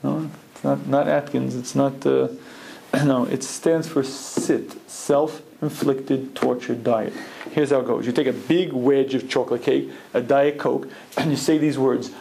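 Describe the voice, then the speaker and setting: Throat-clearing man giving a Torah lecture. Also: medium pitch, steady tone, unhurried, mellow, a little hiss or hum, low-quality recording. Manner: clears throat often, storytelling with jokes. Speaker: Torah teacher.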